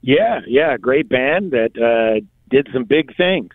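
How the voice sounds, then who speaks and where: A man's voice: mid-range voice, expressive, takes it slowly, dry recording. A man co-hosting a radio show in casual chat, telling stories in laid-back slang. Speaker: radio co-host. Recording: tinny phone line.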